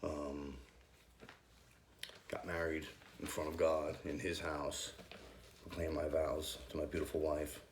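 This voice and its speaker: Youth leader, man, low voice, hesitant and nervous, recorded in a roomy space. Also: little pitch movement, a little hiss or hum. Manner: hesitant, halting, many ums. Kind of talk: personal faith testimony.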